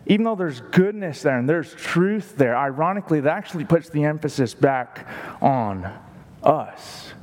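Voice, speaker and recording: A man's voice: on the high side, expressive, moderate pace, darkish tone. A man preaching a sermon as pastor, emphatic and stretching words for stress. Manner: emphatic, varies his pace for stress. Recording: long hall reverb.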